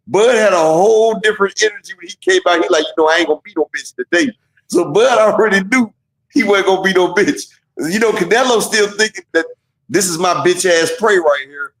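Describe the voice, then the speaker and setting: A man co-hosting a casual boxing live stream, telling fight stories in an animated, profane way and acting out what the fighters might have said. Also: sits high, echoey room, poor audio. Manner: animated, profane storytelling with acted-out quotes. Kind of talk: casual chat.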